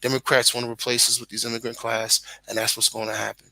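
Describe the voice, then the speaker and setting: A man's voice: medium pitch, monotone, fast talker, pushed and bright, no echo, rough recording. A man with a Brooklyn accent talking emphatically and with plenty of profanity in a casual live-stream chat. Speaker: guest content creator.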